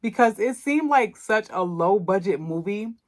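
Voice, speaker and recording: A woman's voice: medium pitch, measured pace. A woman hosting a podcast, recapping and roasting a movie in a blunt, casual way, full of slang and swearing. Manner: blunt, animated storytelling with slang and profanity. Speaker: podcast host. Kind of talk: casual movie review chat.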